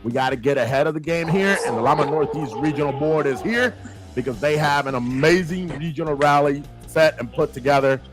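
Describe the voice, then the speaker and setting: A man hosting a casual livestream, greeting viewers with lively shout-outs and dropping in Spanish phrases. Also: fairly high pitch, a little fast, music in the background. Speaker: show host.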